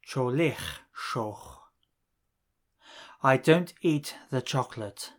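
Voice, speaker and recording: A man narrating a scripted language lesson, reading drill phrases in a measured way with pauses between them. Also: mid-range voice, sing-song. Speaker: language teacher.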